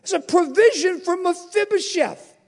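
Very high-voiced male preacher. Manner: emphatic, swinging from loud exclamations to soft asides; rapid-fire rhetorical questions. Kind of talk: sermon.

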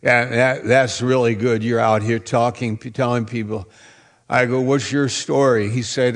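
A man preaching a sermon, emphatic and repetitive, who now and then breaks into shouted praise. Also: medium pitch, steady tone, a little slow. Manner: emphatic preaching, repeats phrases, bursts into shouts. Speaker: pastor.

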